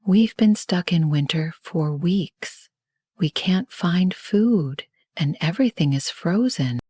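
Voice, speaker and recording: A woman's voice: on the low side, lively intonation, mellow, breathy edge, no echo, studio quality, full character voice. Woman whispering as a sad mother hedgehog. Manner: sad, slow. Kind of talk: whispered role-play.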